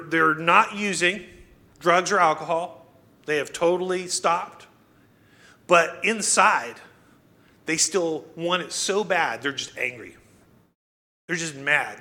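Bright, high-voiced male preacher. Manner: conversational preaching with rhetorical questions. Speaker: pastor. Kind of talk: sermon.

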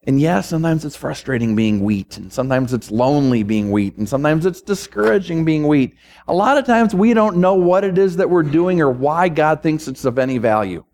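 A man's voice: on the high side, lively intonation, brisk, darkish tone. Man preaching with emphatic repetition. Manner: emphatic, repetitive rhetorical build-ups. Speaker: pastor. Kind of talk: sermon.

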